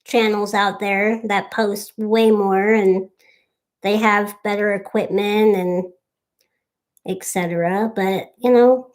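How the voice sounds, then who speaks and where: A woman's voice: medium pitch, fairly even intonation, slow pace. A young woman co-hosting a casual live stream, chatting and thanking viewers by name.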